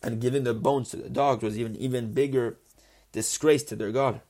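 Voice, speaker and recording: A man's voice: medium pitch, fairly even intonation, fairly quick, warm tone. Man teaching a Torah lesson. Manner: poses rhetorical questions and answers them; reads Hebrew phrases, then translates each. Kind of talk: religious text lesson.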